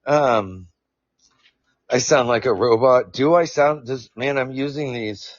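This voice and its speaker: A man's voice: medium pitch, slow, no echo, dull audio. A man hosting a live podcast, explaining science casually, stumbling over words and joking with his chat. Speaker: podcast host. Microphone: new earphones mic.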